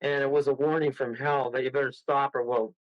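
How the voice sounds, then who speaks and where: A man from Toronto, a guest medium, telling a rambling, excitable story with bursts of laughter. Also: mid-range voice, fairly quick, dry recording. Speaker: guest medium and paranormal investigator. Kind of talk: casual storytelling on a radio call. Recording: dull lo-fi radio audio.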